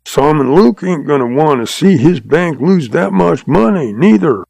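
A man's voice: fairly high pitch, lively intonation, creaky, darkish tone, no room sound, pitched above the performer's own voice, heavily acted. A man doing a sly old drawling cowboy. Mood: patient, sly. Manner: slow folksy drawl, patient. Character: shrewd old cowboy, calm, sly, chuckling.

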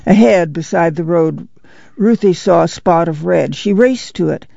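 A narrator reading a novel aloud at a steady, measured pace. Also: medium pitch, gravelly, dry recording, dull audio. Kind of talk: audiobook narration.

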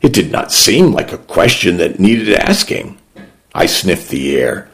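A man narrating a story in the first person, in a measured, unhurried and somber way. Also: low voice, big pitch swings.

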